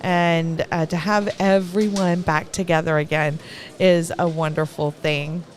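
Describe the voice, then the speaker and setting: A woman's voice: fairly low pitch, steady tone, unhurried. A middle-aged woman with a Texan accent giving rambling, talkative live commentary at an event, laughing between thoughts.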